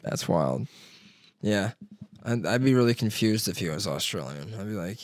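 A man's voice: fairly low pitch, normal speed, no room sound. Young male co-host, loose and profane, jokey banter, dry close sound. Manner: swearing, joking, animated impressions. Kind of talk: casual chat.

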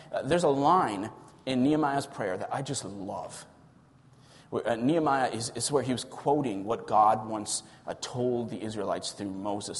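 A man preaching a sermon as pastor of his church, impassioned, swelling loud and dropping low for emphasis. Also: big-room sound.

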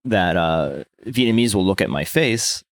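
A man's voice: sits low, lively intonation, measured pace, no echo. An American man chatting casually and playfully, laughing often as he talks. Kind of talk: casual chat.

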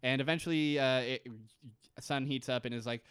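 A man's voice: medium pitch, fairly even intonation, moderate pace, fairly bright tone, smooth, dry recording, clean studio sound. Joking man recapping a show. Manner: joking, laughs often. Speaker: podcast co-host. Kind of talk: casual TV recap chat.

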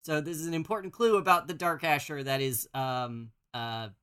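A man's voice: on the high side, steady tone, normal speed, pushed and bright, clear, resonant tone. A man hosting a podcast, recapping television episodes in a casual, rambling way with lots of fillers. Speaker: podcast host.

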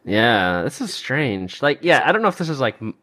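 A man's voice: medium pitch, very animated, normal speed, pushed and bright, no echo. A man co-hosting a casual podcast chat, hedging with lots of "like". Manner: hesitant, many "like" fillers. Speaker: podcast co-host.

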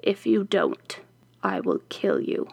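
A woman voicing a furious, vengeful old witch in a storybook reading, slow with low menacing threats. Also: lively intonation, gravelly, a little mellow, husky, full character voice. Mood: threatening.

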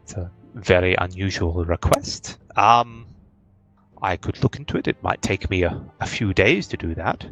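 A man's voice: low voice, normal speed, a bit bright, faint music behind, low-quality recording. A man voicing a polite, wary male merchant of magic goods who speaks formally and hesitates often. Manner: formal, hesitant, peppered with ums.

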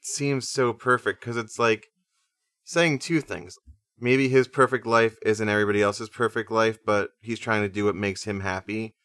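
A man co-hosting a music podcast, casually explaining things in a relaxed way. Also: fairly low pitch, moderate pace, no echo, studio quality. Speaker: podcast co-host.

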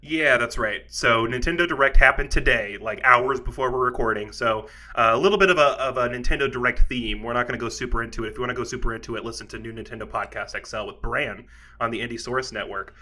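Bright guy hosting a podcast, chatty, laughs a lot. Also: mid-range voice, fast talker. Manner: laughs often, upbeat. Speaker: podcast host. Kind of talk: casual chat.

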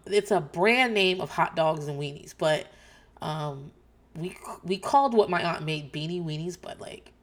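A middle-aged woman hosting a podcast, chatting casually, rambling off track and swearing freely. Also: lowish voice. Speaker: podcast host. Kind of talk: casual chat.

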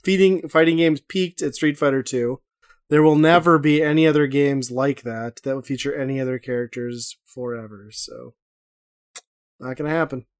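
Guy joking around sarcastically on a podcast, mid pitch, dry mic. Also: fairly even intonation, moderate pace, no echo. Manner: wry, sarcastic jokes. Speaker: podcast co-host. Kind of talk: casual chat.

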